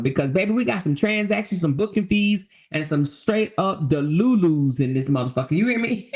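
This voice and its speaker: Sassy, gravelly woman from DC. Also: low-pitched, darkish tone. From Southeast Washington, DC. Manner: sassy, profane, talks straight to viewers. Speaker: livestream host. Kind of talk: unfiltered gossip commentary to a live chat.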